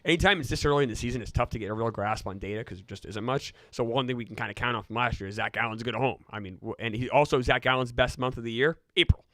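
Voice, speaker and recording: A man whose voice is shot and hoarse, hosting a sports betting show in casual, ribbing banter as he gives his pick of the day. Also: mid-range voice, racing, few pauses, fairly bright tone, dry recording.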